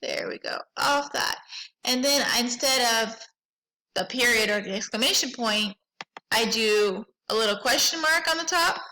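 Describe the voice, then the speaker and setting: A woman librarian giving a cheerful lesson to children, reading out example sentences slowly and with a teacherly lilt. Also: on the high side, pushed and bright, low-quality recording. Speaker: school librarian.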